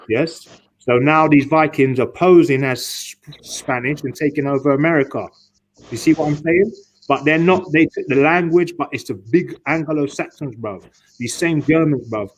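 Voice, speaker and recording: A man's voice: mid-range voice, a little hiss or hum, rough recording. Rambling swearing man. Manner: repetitive, restarts often, swears, emphatic. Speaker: speaker in an online discussion. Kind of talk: rambling casual monologue.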